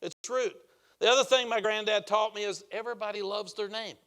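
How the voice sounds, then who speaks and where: A man's voice: high-pitched, fairly quick, sharp tone, clean tone. An older man, a football coach, giving a clinic talk to a room of coaches and telling folksy stories with acted-out quotes. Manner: folksy storyteller who acts out quoted lines. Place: meeting room with an audience.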